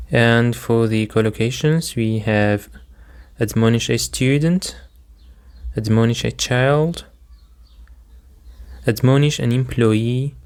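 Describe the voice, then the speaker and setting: A man teaching vocabulary as a second-language speaker, repeating each word and walking through its stress, meaning, synonyms and example sentences step by step. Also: medium pitch. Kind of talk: slow, methodical vocabulary lesson.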